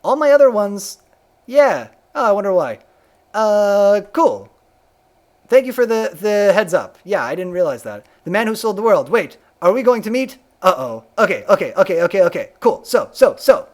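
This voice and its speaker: High, lively-voiced male streamer. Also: normal speed. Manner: chatty, reads game text aloud, hums and scats to himself. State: losing his voice a little. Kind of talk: casual live game stream chat.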